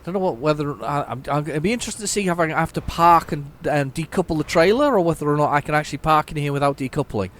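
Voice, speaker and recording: A man's voice: on the high side, lively intonation, fast talker, hardly any pauses. A man hosting a gaming channel, giving casual, playful commentary as he narrates his driving aloud.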